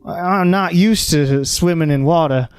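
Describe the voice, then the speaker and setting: A man's voice: fairly high pitch, unhurried, clean tone, dry recording, studio quality, pitched above the performer's own voice, close to an everyday voice. Dude doing a confused southern guy in weird water, southern drawl. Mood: bewildered. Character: dazed young man with a southern drawl, half drowning.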